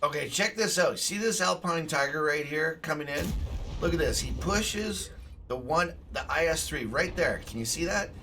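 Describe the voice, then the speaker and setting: A man giving casual commentary over his own gameplay, excitable, swearing and bursting into shouts. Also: on the high side, normal speed, recorded from a distance, a little hiss or hum.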